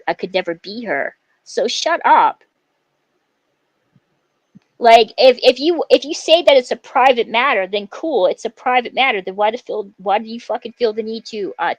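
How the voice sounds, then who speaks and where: Heated and profane, this woman streamer lays into a rival, her tirade full of fillers and false starts. She speaks at a mid-range pitch. The recording is dry and low in quality.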